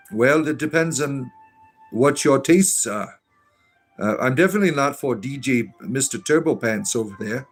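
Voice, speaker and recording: Speaking at medium pitch, a Southern-accented man hosts a livestream and reads the chat comments out loud. He wanders and restarts, filling gaps with uh's, and meets the comments with sarcasm and defiance.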